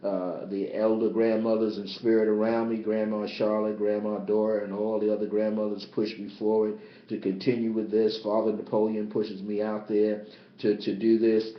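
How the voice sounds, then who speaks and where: A man, a bishop and spiritual teacher, giving a livestreamed spiritual teaching into a tablet, emphatic and repetitive, swinging between loud high exclamations and low, subdued asides. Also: flat delivery, normal speed. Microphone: tablet device. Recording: roomy, dull lo-fi tablet livestream.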